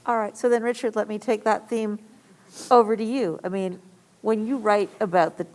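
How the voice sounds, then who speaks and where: A woman's voice: mid-range voice, fairly even intonation, normal speed, a little mellow. Conversational woman moderating a panel. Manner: engaged, conversational questioner. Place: stage at a lecture event.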